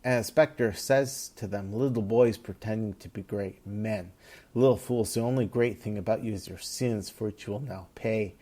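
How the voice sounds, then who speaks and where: A man's voice: on the low side, warm tone. A man casually retelling a comic book story, reading its dialogue aloud with plenty of "uh" and "um" fillers. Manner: retells the panels with light quoted lines and many "uh" fillers. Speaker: comics reviewer.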